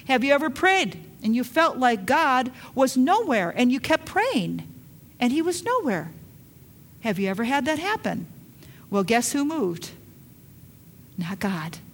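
Middle-aged woman pastor, sermon, fairly high pitch, emphatic, hushed then urgent. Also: big pitch swings, unhurried, pauses often. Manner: emphatic, swings from soft hushed lines to loud urgent calls.

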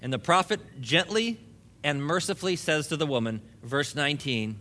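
Preacher guy giving a sermon, emphatic, keeps repeating for punch, bright voice. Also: a little high, lively intonation, moderate pace. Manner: emphatic, repetitive. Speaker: pastor.

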